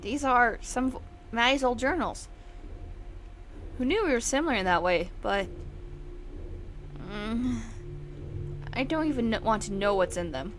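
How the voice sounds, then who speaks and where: A woman giving excitable let's-play commentary, laughing as she goes and reading game text aloud. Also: a little high, a little slow, pauses often, faint music behind. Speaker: gameplay commentator.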